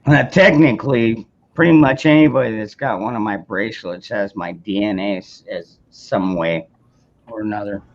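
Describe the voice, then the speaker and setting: A man with a gravelly, creaky voice hosts a casual livestream chat. He talks in a laid-back, profane way and laughs often while he works. The sound is a little dull and lo-fi. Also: fairly low pitch, normal speed. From United States. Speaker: host.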